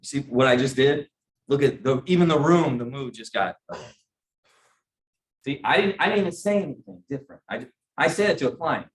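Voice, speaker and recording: Leading a group sales training, this middle-aged man speaks in a mid-range, expressive voice at a slightly quick clip. His style is relaxed and chatty, with regular check-ins and questions aimed at the audience.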